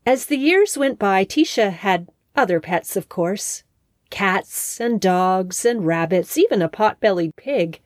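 A woman host narrating a scripted story in a calm, expressive way on a close mic. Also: mid-range voice, dry recording.

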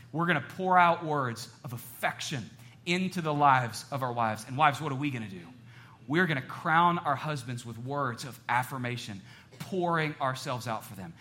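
Man, pastor, sermon, animated and joking, bright tone, slightly high pitch. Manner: animated, joking, shifts between loud emphasis and soft asides.

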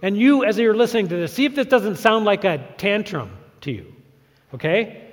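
Guy pastor preaching, kinda high voice, big echoey church hall, acts stuff out. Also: normal speed. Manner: animated, acts out crowd shouts. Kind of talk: sermon. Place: church sanctuary. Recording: long church reverb.

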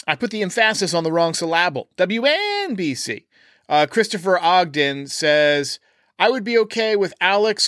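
A man's voice: on the high side, sharp tone, no echo, clean studio sound. A man hosting a casual sports live-stream, reacting and reading viewer chat aloud in a chatty, think-aloud way.

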